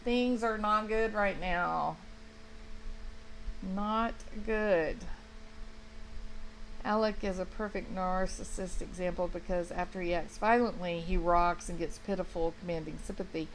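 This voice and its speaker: A woman's voice: lowish voice, fairly even intonation, measured pace, poor audio. A woman hosting a true crime livestream, talking casually to her viewers and greeting them by name. She is emphatic and chatty and often restarts her sentences. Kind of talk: casual livestream commentary, reading chat.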